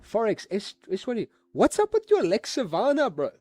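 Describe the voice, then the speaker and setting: A man chatting casually to his viewers during a live stream, excitable and laughing, swearing freely and using street slang. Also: sits high, brisk, hardly any pauses, dry recording, clean studio sound, soft background music. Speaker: livestreaming forex trader.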